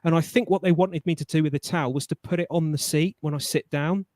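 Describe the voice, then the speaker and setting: A man's voice: fairly high pitch, steady tone, fast talker, a little mellow, no echo, clean studio sound. A man, a guest telling a rambling story in casual chat, stammering and restarting often, on an online call.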